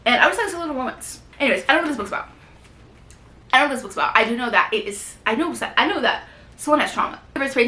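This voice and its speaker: A young woman with a slightly high, sharp-toned voice gushes and rambles about new books, using lots of fillers. She's a book vlogger doing a casual book haul chat in an echoey home room with a bookshelf.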